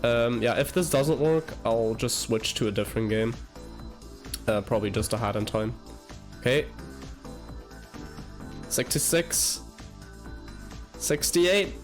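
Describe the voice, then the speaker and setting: A young man in his twenties chatting casually on a live stream, halting and rambling with stammered restarts. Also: mid-range voice, fairly even intonation, faint music behind.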